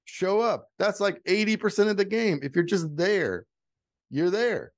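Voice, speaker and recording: A man's voice: high voice, animated, normal speed, dry recording, clean studio sound. A middle-aged man telling a personal story as a guest, candid and earnest. He repeats phrases for emphasis and builds to emphatic advice. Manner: builds to emphatic, rising delivery when giving advice. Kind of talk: personal storytelling, motivational talk.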